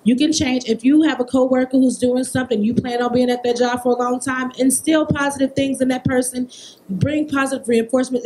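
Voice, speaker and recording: A woman in her thirties, a behavior therapist on a festival panel, telling a personal story in an animated, emphatic way. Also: sits high, fairly quick, slight background noise, rough recording.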